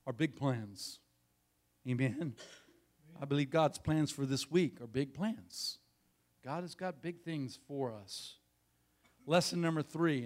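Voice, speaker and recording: A man preaching a sermon as pastor, swinging between quiet, intimate passages and loud, emphatic ones, repeating key phrases. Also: mid-range voice.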